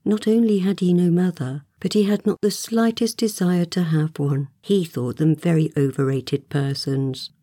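A woman reads a storybook aloud with a low, mellow voice. Her delivery is gentle and expressive, now and then slipping into a soft whisper. The recording is close and dry, with no room sound. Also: normal speed, few pauses, no echo. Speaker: audiobook narrator. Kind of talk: scripted storybook narration.

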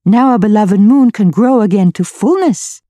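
A woman voicing a chorus of timid, fretful jungle night creatures in a storybook, shrill and wailing. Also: animated, normal speed, mellow, no room sound, studio quality, natural voice. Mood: triumphant.

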